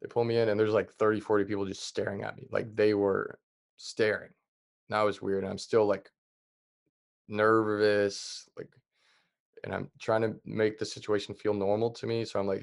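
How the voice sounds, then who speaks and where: A young adult man calmly retelling a story as a podcast guest, with plenty of fillers and loose, plain phrasing. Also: lowish voice, normal speed, vocal fry. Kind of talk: casual storytelling.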